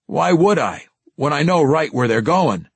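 A man's voice: a little high, animated, unhurried, husky, no room sound, voice pushed up, exaggerated voice. A man voicing a sly, smug male gate guard who drawls his lines.

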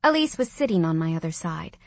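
A woman narrating a first-person audiobook in a soft, reflective way. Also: lowish voice, sing-song, a little fast, no echo.

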